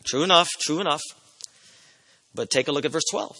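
A man preaching an expository sermon as a pastor, emphatic, swinging from loud stresses to quiet asides. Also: a little high, moderate pace, long reverb tail, rough recording.

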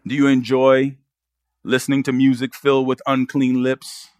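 A male pastor delivers an earnest sermon, firing rhetorical questions at his listeners. His voice sits in a middle pitch. The sound is dry and close, with no room echo. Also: monotone, normal speed, darkish tone.

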